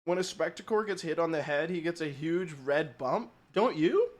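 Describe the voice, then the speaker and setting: Speaking at normal speed with lively intonation and fairly high pitch, a male live streamer chats casually, mocking himself in a joking way and reacting to viewers' messages.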